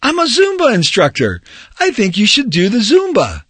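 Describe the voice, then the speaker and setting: A man's voice: extremely high pitch, wildly swooping pitch, normal speed, a bit bright, breathy edge, no echo, voice pushed up, exaggerated voice. A man voicing a cheerful, insistent woman who teaches Zumba, coaxing a friend to join in. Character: upbeat woman Zumba instructor, pushy and cheerful.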